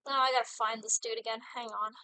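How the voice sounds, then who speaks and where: A woman's voice: fairly high pitch, steady tone, fast talker, sharp tone, no room sound, rough recording. A young woman streaming a game, chatting casually and giddily to herself and her chat as she plays. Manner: giddy, rambling, talks to herself while playing.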